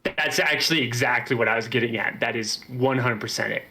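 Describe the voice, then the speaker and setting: A man serves as game master and narrates a tabletop game in an easygoing way. His voice is bright, and he stops now and then with fillers. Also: medium pitch, a little fast, rough recording.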